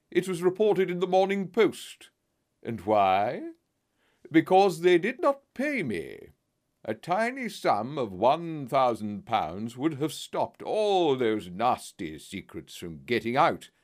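Slow sly blackmailer guy , a man doing the voice, pitch swoops up and down, mock-sorry tone. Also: huge pitch swings, a little mellow. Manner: slow, mocking and falsely sorrowful. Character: smooth, menacing middle-aged male blackmailer. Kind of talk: storybook reading.

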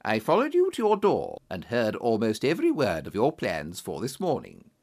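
Composed, clever woman, male reader, measured delivery, animated pitch. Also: exaggerated voice. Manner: measured letter reading. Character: clever cool-headed woman, an actress.

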